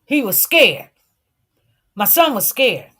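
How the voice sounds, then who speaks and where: A woman commentator talking casually to her livestream viewers, telling a story in an animated way, repeating herself and acting out dialogue. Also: fairly high pitch, takes it slowly, slightly rough. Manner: addresses viewers directly.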